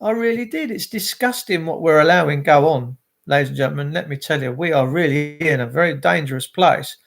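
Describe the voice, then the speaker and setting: A man's voice: on the high side, a little fast, vocal fry. A man, hosting a casual livestream, greeting viewers by name and ranting. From England. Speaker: livestream host.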